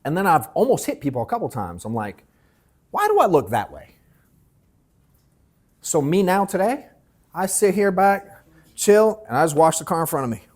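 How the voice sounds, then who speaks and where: A man leading a live sales workshop, telling animated stories that act out his own reactions, swearing freely and calling the audience bro and dude. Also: fairly high pitch, normal speed, pauses often. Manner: animated storytelling, mimics himself, swears, calls people bro and dude. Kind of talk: casual, joking workshop talk.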